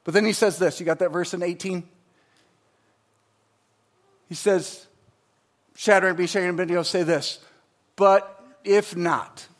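A man with a notably high voice for a man, preaching a sermon. He shifts from steady teaching to fervent, emphatic preaching and often poses rhetorical questions to the congregation. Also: moderate pace, long pauses. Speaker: pastor.

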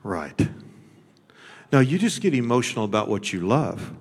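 In a church sanctuary with long hall reverb, a pastor preaches a sermon in a folksy, blunt manner, repeating words. His husky, sing-song voice moves at a moderate pace, swinging between shouted high peaks and low, close talk.

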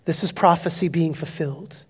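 A male pastor preaching an expository sermon, emphatic, swinging between loud declarations and hushed, near-whispered asides. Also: a little high, normal speed, husky.

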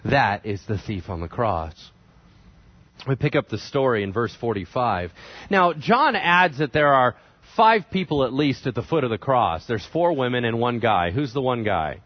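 A man preaching a sermon, retelling scripture with animated storytelling and conversational asides. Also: mid-range voice, moderate pace, dry recording. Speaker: pastor. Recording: dry, slightly dull sound.

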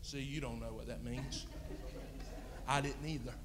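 A man's voice: medium pitch, steady tone, unhurried, background noise. A man preaching a sermon, telling a story in a folksy, plain-spoken way. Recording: long reverb in a hall.

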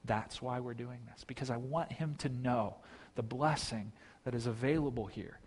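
Gentle pleading father, hushed and low, put on by a preacher. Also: normal speed, breathy edge, long reverb tail, lightly acted.

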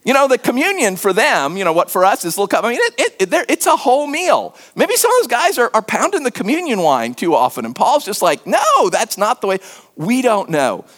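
A man's voice: very high-pitched, very animated, a little fast, few pauses, fairly bright tone. A middle-aged American man preaching a conversational sermon as a pastor, with self-deprecating humor. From United States.

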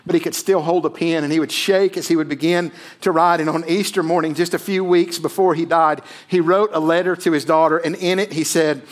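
A male pastor preaching a sermon, emphatic, swelling loud and then dropping almost to a hush, often checking in with "right?". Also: on the high side, fairly even intonation, a little fast.

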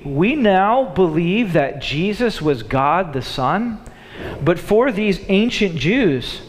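High-voiced man preaching in a reverberant hall. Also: slight background noise. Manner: animated preaching, acts out the disciples' thoughts. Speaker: pastor. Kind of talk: sermon.

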